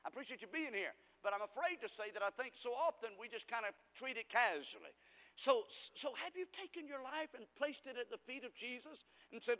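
Fervent high-voiced preaching man. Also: expressive, brisk. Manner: fervent, swings from quiet asides to loud cries. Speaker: pastor. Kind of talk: sermon. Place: church sanctuary. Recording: long hall reverb.

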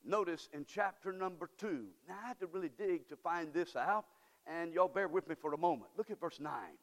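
Older male pastor, high-pitched, emphatic folksy preaching, long church-hall echo. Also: brisk, a bit bright. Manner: preaching with rising, emphatic delivery and folksy asides. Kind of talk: sermon. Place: church sanctuary.

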